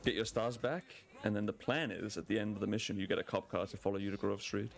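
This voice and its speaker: Gravelly low-voiced male speedrunner. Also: fast talker. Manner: casual, explains strategy with fillers. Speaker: speedrunner streamer. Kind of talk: live speedrun commentary. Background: game music.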